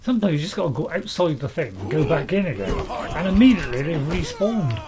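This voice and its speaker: A man's voice: fairly high pitch, very animated, fast talker, music in the background. A man giving casual, rambling commentary while playing a game, chuckling to himself now and then. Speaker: gaming video host.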